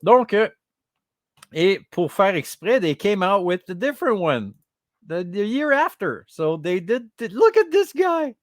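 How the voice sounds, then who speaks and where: Podcast host, male, casual toy chat; mocking, giggly, unhurried delivery, slips into French. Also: sits high, sing-song, dry recording, studio quality. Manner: mocking, giggles between remarks; switches into French at times.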